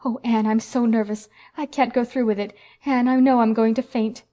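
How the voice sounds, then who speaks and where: Woman reading gentle, devoted young friend. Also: mid-range voice, moderate pace, lightly acted. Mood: anxious. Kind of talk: audiobook character voice.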